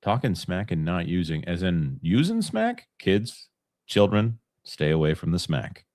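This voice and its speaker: Deep-voiced joking co-host, man. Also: big pitch swings, a little slow, darkish tone, no room sound. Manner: joking, reads out viewer messages. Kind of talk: casual live-stream chat.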